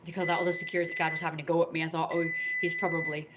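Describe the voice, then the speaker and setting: A woman's voice: deep voice, flat delivery, very fast, very noisy. Rambling woman telling a grievance. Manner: rambling, indignant, acts out others in raised voices. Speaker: vlogger. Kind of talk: casual storytelling to camera.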